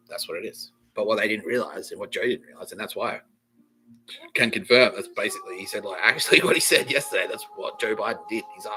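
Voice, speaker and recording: A man hosting a podcast, rambling through an excitable, profane comedy monologue and laughing often mid-sentence. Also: lowish voice, fast, poor audio. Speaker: podcast host.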